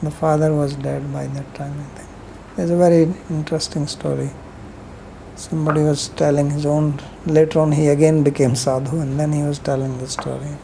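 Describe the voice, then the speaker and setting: A woman's voice: deep voice, little pitch movement, moderate pace, vocal fry, warm tone, a little hiss or hum, low-quality recording. A woman giving a rambling, conversational scripture lecture, telling stories with frequent asides.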